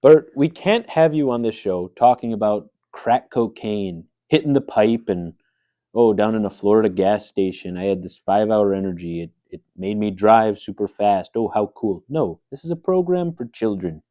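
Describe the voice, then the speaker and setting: Man doing a dry incredulous host, deep mellow voice, dead close sound. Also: lively intonation, normal speed, no echo, natural voice. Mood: scolding. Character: stern late-night host Uncle Fran, man. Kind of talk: improv sketch comedy.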